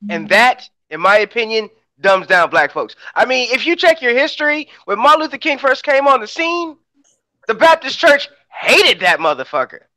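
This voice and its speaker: A man's voice: extremely high pitch, sing-song, normal speed, bright, forceful tone. A man on a panel, answering emphatically, repeating points for force and swearing freely. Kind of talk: casual panel discussion.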